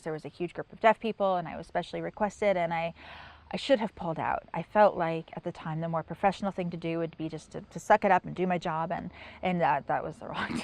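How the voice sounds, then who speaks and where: A middle-aged woman giving personal testimony in an interview, soft-spoken and halting, with many pauses and restarts, sometimes near a whisper. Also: on the low side, gravelly. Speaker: sign language interpreter.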